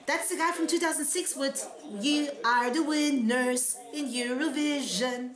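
High-voiced excitable woman reacting. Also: unhurried. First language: German. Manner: excited, laughing, gushing. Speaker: reaction vlogger. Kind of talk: live reaction commentary. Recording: echoey room with broadcast crowd behind. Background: crowd from broadcast playing.

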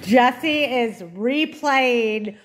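Teasing, giggly high-voiced woman. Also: lively intonation, extremely slow, a little hiss or hum. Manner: teasing, giggly, sing-song. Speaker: comedy video creator. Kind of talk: playful home comedy sketch. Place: home.

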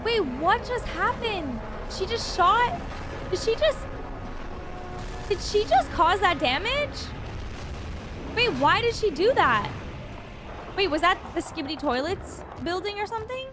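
A woman hosting a reaction video, excitable and gasping often, talking to her viewers. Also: very high voice, unhurried, long pauses, noisy background.

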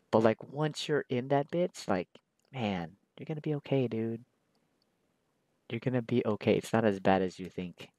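A man's voice: on the low side, animated, moderate pace, darkish tone, dry recording. A man chatting casually while he draws, rambling in a slangy, profane, laid-back way. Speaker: artist drawing on camera. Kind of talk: casual chat while drawing.

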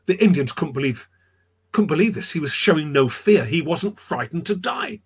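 A man's voice: on the high side, expressive, moderate pace, husky. A man telling history anecdotes in a rambling, chatty way on a live chat show, repeating his words as he goes. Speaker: storyteller guest.

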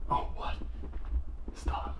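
A young man vlogging during a game with friends, shouting and laughing in a loud, hyped way. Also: very slow. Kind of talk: excited casual vlog chatter. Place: large dark indoor play studio. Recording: echoey hall with background noise.

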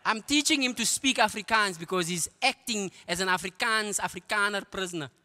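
A middle-aged South African man tells his testimony to a church men's conference, and his storytelling is lively, with quick asides. His voice sits a little high and sounds bright and forceful. It rings with the long reverb of a large hall. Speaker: guest speaker giving testimony. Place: church auditorium.

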